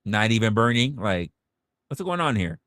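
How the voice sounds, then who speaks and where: A man's voice: on the low side, sing-song, moderate pace, fairly bright tone, dry recording, clean studio sound. A man hosting a livestream, talking in a casual rant full of rhetorical questions, profanity and stammered restarts. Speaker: livestream host.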